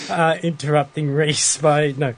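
A man's voice: a little high, flat delivery, slow pace. A man co-hosting a podcast, reading listener emails aloud with amused asides. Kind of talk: casual chat.

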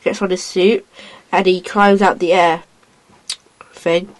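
A woman in casual chat, retelling a story in a rambling, excitable way, acting out lines as she goes. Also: lowish voice, takes it slowly, rough recording.

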